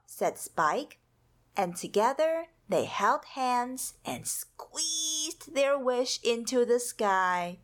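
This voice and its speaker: A woman reading a children's storybook aloud with an expressive, soothing delivery. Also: on the high side, extremely slow. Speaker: storybook reader.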